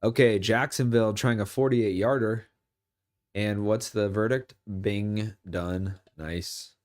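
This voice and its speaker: Young male streamer, slightly low voice, casual rambling football commentary, jokey, erupts at big plays. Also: fairly even intonation, slow, a little mellow.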